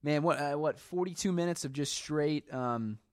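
A man hosts a solo podcast, venting about everyday pet peeves in a conversational rant. His voice sits a little high for a man, and the close mic leaves it dry with no room sound. He retells arguments by quoting both sides. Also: moderate pace, no echo. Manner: ranting, retells arguments with quoted back-and-forth. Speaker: podcast host.

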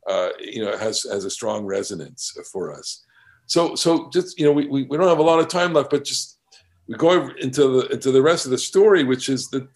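A man talks through a Torah passage in a group study. He stops and restarts his sentences often, circling back as he thinks aloud. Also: mid-range voice. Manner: halting, many restarts and "you know". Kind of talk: discussion.

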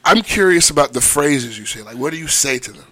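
A man's voice: on the high side, lively intonation, quick pace, fairly bright tone. A man hosting a casual podcast chat, teasing his guests, laughing often and swearing freely. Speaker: podcast host.

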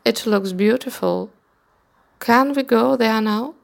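A woman's voice: fairly high pitch, takes it slowly, vocal fry, heavily acted. Woman reading as a genial storybook king. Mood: pleased. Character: pleased old male king, genial.

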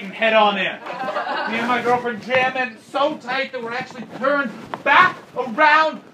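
A male stand-up comedian telling a story with animated delivery, swinging between mutters and near-shouts. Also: very high-pitched, noisy background. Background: audience laughter.

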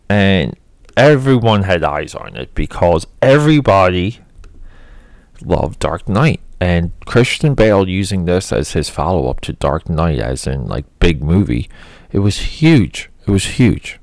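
A man with a very low voice and a rough, creaky edge talks through a movie in a casual, rambling commentary. He is opinionated and leans on fillers as he goes. The sound is dry, with no room echo. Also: darkish tone. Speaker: film commentator.

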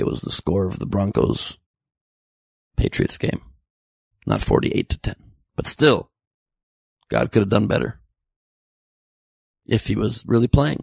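A man hosting a casual comedy talk show, rambling and joking through quick tangents with his guest. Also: on the low side, gravelly, breathy edge, no echo. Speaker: podcast host.

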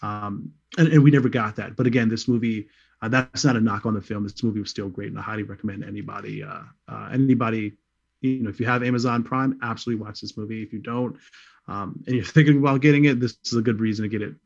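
A low, gravelly, husky-voiced man co-hosts a podcast and talks earnestly about a film he recommends. His mic sounds dull and lo-fi. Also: steady tone, fast. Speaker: podcast co-host. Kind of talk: casual film chat.

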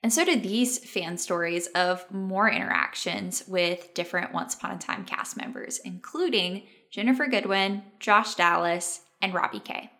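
A woman hosting and narrating a fan video with brisk enthusiasm. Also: medium pitch, bright, forceful tone. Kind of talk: casual narration.

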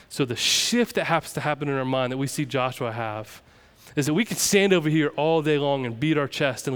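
A man's voice: medium pitch, brisk, fairly bright tone, clean tone. A young adult man, preaching a sermon emphatically as pastor. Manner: emphatic, preaching with rising intensity.

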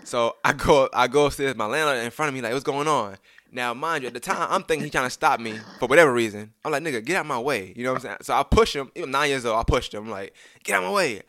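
A young man tells a rambling personal story at a fast clip, circling back with restarts and asides to his listener. He slips into animated versions of the people he quotes. The sound is dry and close, with no room around it. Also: mid-range voice, no room sound. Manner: animated acting out of quoted lines. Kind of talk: casual storytelling.

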